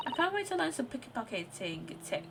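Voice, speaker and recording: A woman doing a polite gentle young woman. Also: fairly high pitch, big pitch swings, fairly quick, gravelly, distant mic, very noisy. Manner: polite, courteous.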